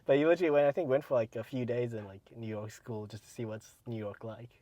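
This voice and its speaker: A man co-hosting a casual podcast, rambling with many fillers and letting his sentences trail off quietly. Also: mid-range voice, fairly even intonation, quick pace, dry recording. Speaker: podcast co-host.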